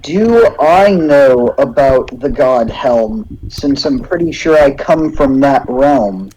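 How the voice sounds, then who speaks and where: A man's voice: medium pitch, animated, slow pace, a little mellow, husky, low-quality recording. A man playing a tabletop game, hesitant with many fillers. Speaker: player. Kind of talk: tabletop play.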